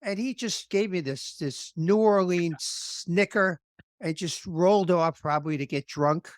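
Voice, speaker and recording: A man co-hosting a podcast interview, telling lively stories and laughing at himself. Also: on the high side, a little slow, dry recording, clean studio sound. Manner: animated storyteller, laughs at himself. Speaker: podcast co-host. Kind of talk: casual interview chat.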